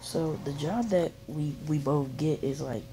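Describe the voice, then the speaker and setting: A man's voice: a little high, unhurried, noisy background. A young man tells a casual, rambling story while playing a game, acting out what people said in raised voices. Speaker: gaming video creator.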